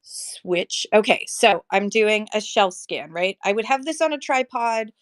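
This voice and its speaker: A woman holding her phone indoors and chatting casually on a seller livestream, rambling and correcting herself with quick laughs. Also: medium pitch, expressive, slight background noise. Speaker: online live-auction seller. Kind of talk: casual livestream chat and demo. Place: indoor room with shelves. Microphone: handheld phone.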